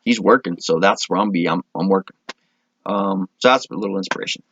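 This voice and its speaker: A man's voice: low-pitched, brisk, a bit bright, no room sound, lo-fi sound. A man from Minnesota chatting casually to camera in his vlog, rambling, correcting himself and getting enthusiastic. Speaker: vlogger.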